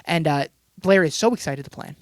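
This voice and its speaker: A man's voice: on the high side, brisk, dry recording, studio quality. A man co-hosting a podcast, recapping an episode in a casual chat and laughing often. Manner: laughs often, lots of fillers and restarts. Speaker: podcast co-host.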